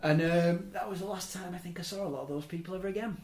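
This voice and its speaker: A man's voice: sits high, steady tone, fast talker, a little mellow. Rambling young man. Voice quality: rambling, self-interrupting, chuckling asides. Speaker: podcast host. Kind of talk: casual storytelling chat. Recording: echoey room.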